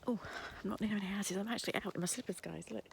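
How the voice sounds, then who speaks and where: A woman chatting casually to her phone camera as a vlogger, rambling with plenty of fillers, partly in a breathy half-whisper. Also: mid-range voice, fairly even intonation, rapid-fire, roomy sound, noisy background. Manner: half-whispered, breathy asides while walking. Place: outdoors on a road at night, walking uphill; at home indoors. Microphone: phone held at arm's length.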